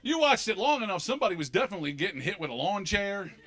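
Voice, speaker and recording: A middle-aged man from Philadelphia with a Philly accent, doing an animated, punchy stand-up comedy set on a club stage. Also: sits high, very fast. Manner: animated, punchy delivery with sudden loud bursts.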